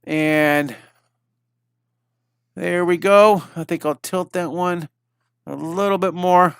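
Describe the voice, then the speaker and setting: Chatty guy teaching drawing on a live stream, kinda high voice, smooth and close, dry sound. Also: a bit bright, no room sound. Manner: chatty and enthusiastic, narrating each step as he draws.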